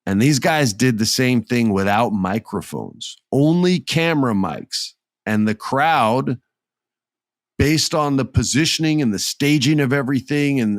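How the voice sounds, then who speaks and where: A man's voice: medium pitch, dry recording, studio quality. A man hosting a podcast, animatedly recapping a wrestling event in casual talk and acting out what people said. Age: adult with children. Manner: animated storyteller who acts out quotes. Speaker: podcast host.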